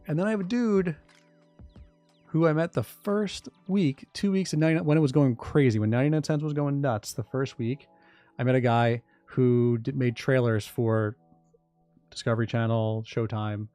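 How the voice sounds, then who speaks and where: A man talking casually on a livestream about his crypto project, rambling, restarting sentences and getting excited. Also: medium pitch, moderate pace, dry recording, faint music behind. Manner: rambling, self-interrupting, excitable. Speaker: crypto project founder and streamer.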